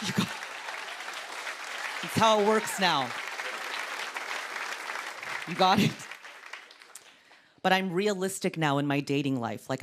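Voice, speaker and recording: A woman in her thirties from Orange County doing stand-up on a TV studio stage, with a deep, sultry voice and deadpan, self-mocking delivery. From Orange County, California. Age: 30s. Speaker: comedian. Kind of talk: stand-up comedy. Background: studio audience laughter.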